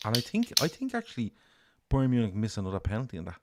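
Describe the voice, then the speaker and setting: Low-voiced man hosting a football quiz. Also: wildly swooping pitch, heavy background noise. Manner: brisk quizmaster, reads questions and scores answers. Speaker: quiz host. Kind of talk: casual podcast quiz chat.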